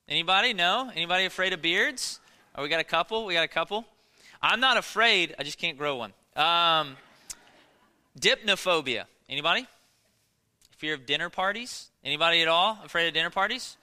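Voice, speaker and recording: Bright, animated man preaching a sermon. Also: a little high, in a large hall. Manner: animated, joking, rising to near-shouts when acting out fear. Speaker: pastor. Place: church.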